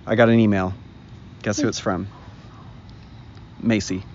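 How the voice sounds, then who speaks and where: A man's voice: lowish voice, flat delivery, a little slow, a little mellow. A man co-hosting a podcast, chatting casually and rambling outdoors in a park. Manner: rambling, laughs often. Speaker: podcast co-host. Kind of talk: casual chat. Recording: dull lo-fi recording, faint noise.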